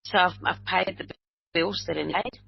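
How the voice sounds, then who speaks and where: This is an older woman from Uruguay, a medium and healer, telling her story in a rambling, restarting way. Her voice is fairly low, with a gravelly, husky edge. The recording is dry and dull, with a lo-fi sound. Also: steady tone, normal speed, no echo. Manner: rambling, acts out quoted dialogue, many restarts. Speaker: medium and healer, interview guest. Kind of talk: personal storytelling.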